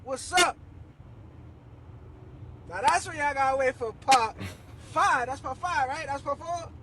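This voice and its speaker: A man's voice: very high-pitched, moderate pace, slight background noise, low-quality recording. A young man telling a story to camera in a casual, slangy way, acting out what people said. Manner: animated, slangy, acts out quoted voices.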